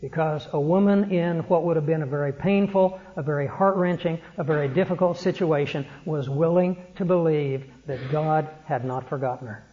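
A man preaching a sermon in an earnest way, slowing down to stress his points. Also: fairly high pitch. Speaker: pastor. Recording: dull lo-fi sermon recording.

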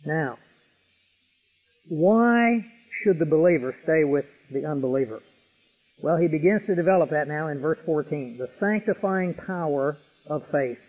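A man's voice: on the high side, animated, measured pace, husky. A man preaching an expository sermon, emphatic, with vivid illustrations. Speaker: pastor. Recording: tinny radio broadcast with long reverb.

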